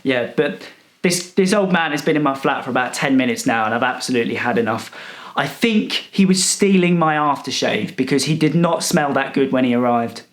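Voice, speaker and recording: A man's voice: medium pitch, brisk, roomy sound. A man telling a comic story as a rude, boastful character, sarcastic and fed up. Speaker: comedic storyteller.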